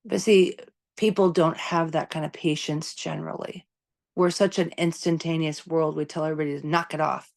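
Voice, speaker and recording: A woman in her fifties with a somewhat low voice talks straight to her listeners in a casual podcast monologue. She is candid and emphatic, tossing in "you know" and "right?" and swearing without fuss. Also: steady tone, moderate pace, creaky, darkish tone. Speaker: podcast host.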